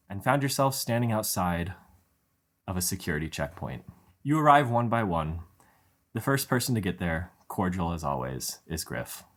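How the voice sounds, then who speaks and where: Guy with a low voice running a fantasy tabletop game, calm storyteller vibe. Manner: measured storytelling narration. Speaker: game master.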